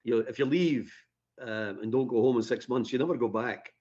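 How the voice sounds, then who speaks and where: A Scottish man chats as a radio guest, easygoing and self-deprecating, pausing on fillers as he spins stories. His voice sits mid-range, and the sound is slightly dull. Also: mid-range voice, a little mellow, slightly rough. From Scotland. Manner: chatty, self-deprecating storyteller with many fillers. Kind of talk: radio interview.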